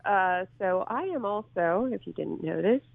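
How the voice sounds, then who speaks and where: Speaking over a tinny, dry phone line, this middle-aged Minnesota comedian has a medium-pitched, gravelly voice with lively intonation at normal speed. She's a guest in a casual interview, giggling and teasing herself.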